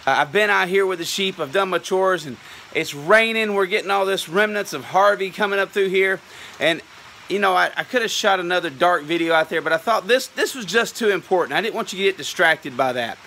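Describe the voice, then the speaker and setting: A man, a shepherd, giving an earnest devotional sermon from a porch outdoors in the rain, at times dropping low and soft for emphasis. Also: brisk, slight background noise.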